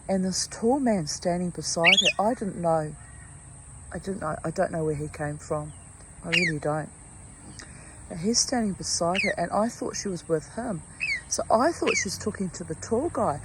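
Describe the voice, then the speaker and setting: A woman's voice: on the low side, normal speed, very noisy. A middle-aged woman telling a story casually and with animation, cursing freely and restarting her sentences. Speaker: vlogger.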